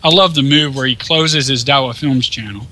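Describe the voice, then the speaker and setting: Bright-voiced man in crude banter. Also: medium pitch, moderate pace, slight background noise. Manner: crude, mocking, laughs often. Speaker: let's play co-host. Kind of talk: casual profane banter.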